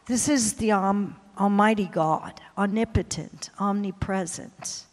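A woman missionary preacher telling a confessional story in a sermon, swinging from hushed to loud. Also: mid-range voice, fairly even intonation, takes it slowly, hardly any pauses. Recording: long hall reverb.

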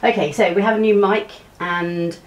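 An English beauty vlogger chats casually to camera while doing her makeup, rambling with lots of fillers and restarts. Her voice is medium-pitched and steady at a moderate pace. A cheap clip-on mic at home picks up background noise and an echoey room.

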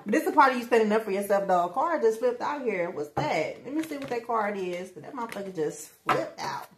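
Over some background noise, a woman with a fairly high, expressive voice reads tarot for her viewers a bit fast. Her talk is slangy, blunt and heavy on swearing, delivered emphatically with sudden laughs.

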